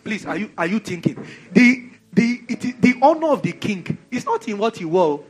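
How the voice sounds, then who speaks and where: A Nigerian man preaching a sermon in an animated, conversational way, full of rhetorical questions. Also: high-pitched, moderate pace, slightly rough, faint music behind.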